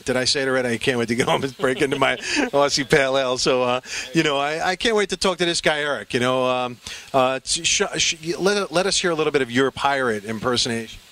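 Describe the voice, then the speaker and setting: A man's voice: medium pitch, fast, pushed and bright. A man hosting a TV show, interviewing people on location at a brewery in a chatty, effusive, rambling way. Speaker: TV host.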